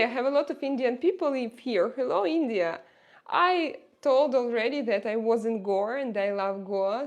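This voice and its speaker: A Russian-accented livestreamer, Russian by native language, talks to her audience and reads out their comments, her speech full of halting fillers. Her voice is a little high.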